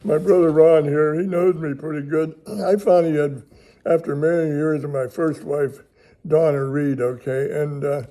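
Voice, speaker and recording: Older male ministry host, folksy rambling storyteller, higher-pitched, very dark tone. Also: fairly even intonation, normal speed. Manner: rambling, chuckling, folksy grammar. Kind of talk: casual storytelling.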